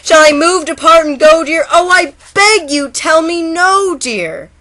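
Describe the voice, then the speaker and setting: A woman voicing a lovesick male turtle in a storybook poem, her voice high and pleading. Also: lively intonation, unhurried, sharp tone, full character voice.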